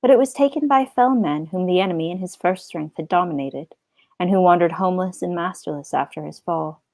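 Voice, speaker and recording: Solemn male captain telling old lore, grave and measured, read by a woman. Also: fairly low pitch, darkish tone, no room sound, voice pushed down, lightly acted. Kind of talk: reading a book passage aloud.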